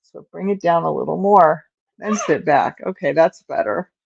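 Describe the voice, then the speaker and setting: A woman's voice: low voice, normal speed, gravelly, husky, lo-fi sound. A woman hosting a casual crochet livestream from home, chatting and answering viewer comments, with a stuffed-up nose. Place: at home in front of a camera.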